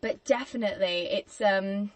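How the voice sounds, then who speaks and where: A woman's voice: medium pitch, normal speed, no echo. Chatty woman, dry close sound. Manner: chatty, laughs often, acts out quotes. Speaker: podcast host. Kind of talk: casual film discussion.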